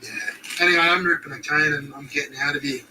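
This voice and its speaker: A man's voice: on the high side, steady tone, fast talker, recorded from a distance, a little hiss or hum, poor audio. A young Australian man chatting casually on a stream, laid-back and swearing constantly in slang.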